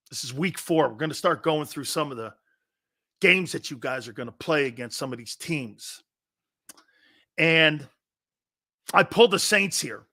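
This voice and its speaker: Sports talk host, middle-aged man: bright, high voice, animated storyteller who laughs a lot. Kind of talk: casual sports talk show.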